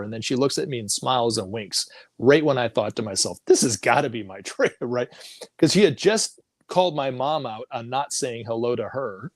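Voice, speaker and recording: Telling a personal story as a talk show guest, this middle-aged man is animated and casual, often restarting and quoting dialogue. He speaks at medium pitch and normal speed, in a dry, clean studio recording.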